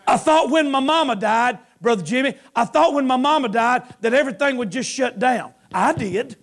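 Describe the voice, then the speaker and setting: A middle-aged man preaching a sermon at a camp meeting, moving between impassioned shouting and hushed storytelling. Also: very high voice, expressive, normal speed, hardly any pauses. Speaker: pastor.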